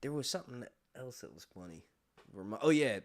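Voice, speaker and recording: A man's voice: mid-range voice, animated, fairly quick, background noise. A man hosting a casual live stream chat, rambling loosely, swearing freely and often breaking into laughter. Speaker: YouTube host.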